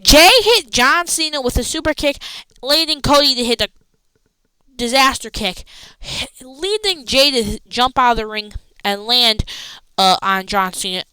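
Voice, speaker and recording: Bright, crisp-voiced woman rambling excitedly. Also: on the high side, unhurried, no room sound, poor audio. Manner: rambling, excitable, slangy with frequent asides. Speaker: wrestling show recap host. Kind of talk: casual wrestling recap.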